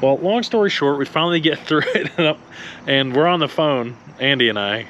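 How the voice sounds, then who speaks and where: A man's voice: fairly high pitch, brisk, fairly bright tone, lo-fi sound. A man tells a road-trip story in a casual car vlog. He rambles, stumbles over his words and laughs a lot. A faint hum of outdoor noise runs behind his voice. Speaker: co-host of car channel.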